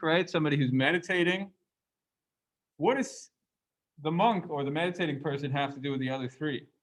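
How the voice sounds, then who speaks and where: A man with a fairly high voice lectures a university class in a relaxed, conversational way. He keeps checking in with rhetorical questions as he goes.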